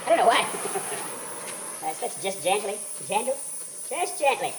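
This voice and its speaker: A man's voice: high-pitched, big pitch swings, slow pace, background noise. A man joking to himself while giving casual commentary on restoring a car in his home garage.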